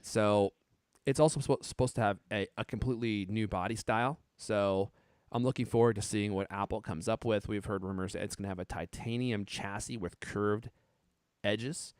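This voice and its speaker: A man's voice: fairly low pitch, steady tone, moderate pace, clear, resonant tone, no echo, studio quality. A man in his thirties co-hosting a podcast, joking and teasing his co-host in casual chat. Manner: playful, teasing, laughs often.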